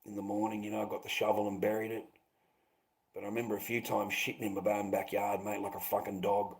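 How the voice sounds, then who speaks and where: A man's voice: lowish voice, quick pace, creaky, low-quality recording. Profane, bitter Australian man rambling. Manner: profane, bitter, repetitive, calls listeners mate. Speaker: vlogger. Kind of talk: rambling monologue to viewers.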